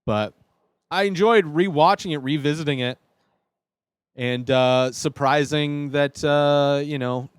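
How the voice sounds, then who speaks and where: Male host, 30s, solo casual talk, eager and rambling, smooth clear voice, dry close sound. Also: mid-range voice, dry recording. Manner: enthusiastic, rambling with restarts and fillers. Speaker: podcast host.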